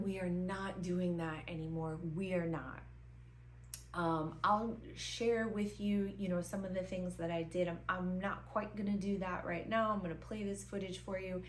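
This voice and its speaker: Woman, 40s, vlogger talking to camera, emphatic, repetitive, lowish voice. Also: fairly even intonation, measured pace, a little hiss or hum. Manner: emphatic, repeats herself for stress, many ums. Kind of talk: casual motivational talk to camera. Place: seated indoors in front of the camera.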